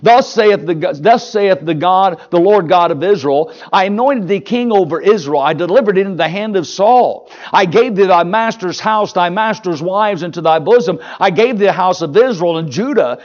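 A pastor preaching a sermon, folksy and emphatic, mixing jokes with rising exhortation. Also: male voice, high-pitched, lively intonation, normal speed, few pauses, dull audio.

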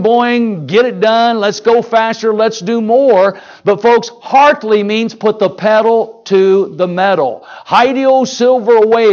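A man preaching a sermon in a church, in a folksy, animated way, often asking the congregation questions. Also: high voice, lo-fi sound. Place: church sanctuary.

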